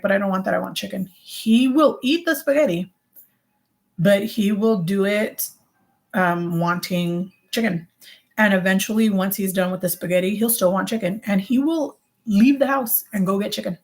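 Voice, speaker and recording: Chatty woman with a gravelly voice. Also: medium pitch. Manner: rambling, chatty, with many fillers and self-corrections. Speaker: vlogger. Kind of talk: casual vlog chat.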